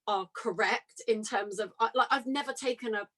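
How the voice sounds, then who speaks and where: Enthusiastic woman podcast host, slightly high. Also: normal speed. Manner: enthusiastic, animated storytelling. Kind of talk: casual podcast interview.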